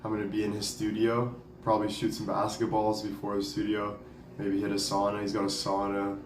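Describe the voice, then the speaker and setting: A young man talks in a loose, rambling way, leaning on "like" and "dude" and dropping the odd swear. His voice sits a little low. He is heard from a distance in a roomy space, with faint ambience behind him. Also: completely flat delivery, a little fast, a little hiss or hum. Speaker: vlogger and singer. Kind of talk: casual excited storytelling.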